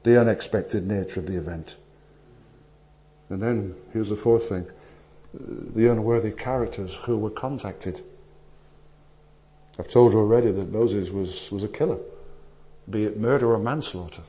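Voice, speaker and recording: A man preaching a sermon, telling stories with animated swings between loud emphasis and hushed asides. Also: lowish voice, a little slow, pauses often. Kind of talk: sermon with anecdotes.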